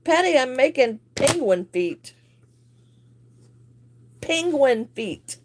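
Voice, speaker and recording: A woman's voice: high voice, very animated, takes it slowly, slight background noise. A woman hosting a casual crochet livestream, chatting and greeting viewers by name with frequent laughs.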